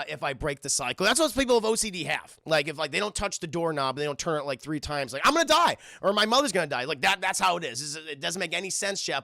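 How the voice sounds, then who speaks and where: A man's voice: on the high side, vocal fry, bright, forceful tone, no echo, clean studio sound. A man casually recapping a TV episode on a live stream, rambling and swearing while he keeps talking to his chat.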